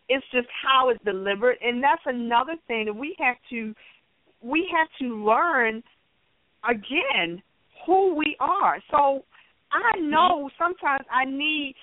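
A woman's voice: sits high, lively intonation, unhurried, no echo. Earnest woman host on a tinny line. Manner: earnest, heartfelt storytelling. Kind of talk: casual chat. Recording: tinny phone-line sound.

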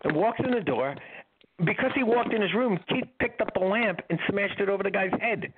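An older man, a guest musician, telling tour stories in an interview in an animated, laughing way. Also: sits high, normal speed, a little hiss or hum. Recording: tinny phone-like line.

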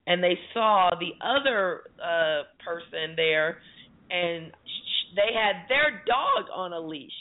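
Chatty woman storyteller on a tinny line. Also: on the low side. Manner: chatty storytelling, animated retellings. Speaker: radio talk show co-host. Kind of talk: casual chat.

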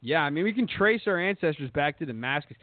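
A man's voice: fairly high pitch, expressive, quick pace, no room sound. A young man hosting a podcast in crude, rambling casual chat, cursing and saying "dude" constantly. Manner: profane, rambling, says "dude" a lot. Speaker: podcast host. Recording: dry, phone-like lo-fi audio.

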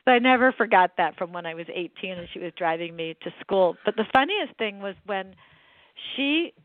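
A woman's voice: mid-range voice, expressive, brisk. A middle-aged woman, a book editor, telling family stories with laughs in a casual interview. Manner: chatty, laughing storyteller. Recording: tinny dry phone line.

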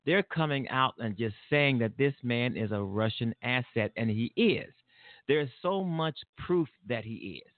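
A man hosting his own political talk show, ranting bluntly with profanity and frequent ums and restarts. His voice sits at an ordinary middle pitch. The audio is dry and thin, like it came through a phone line. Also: lively intonation, unhurried, no echo. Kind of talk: casual political commentary monologue.

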